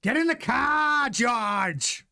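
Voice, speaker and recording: A man putting on an impression of a shouting male team boss, barking a drawn-out order. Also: very high voice, animated, gravelly, voice pushed up, exaggerated voice.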